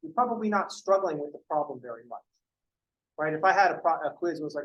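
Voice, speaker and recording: A man's voice: fairly high pitch, fast, a bit bright, dull audio. A man teaching math in a casual recorded lecture, joking and swearing freely.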